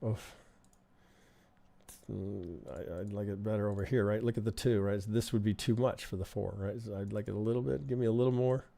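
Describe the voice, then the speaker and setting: Here a male trading instructor goes over charts on a live stream in a conversational way, reasoning out loud and tacking "right?" onto his points. He speaks a little fast in a lowish, steady, warm voice with some vocal fry.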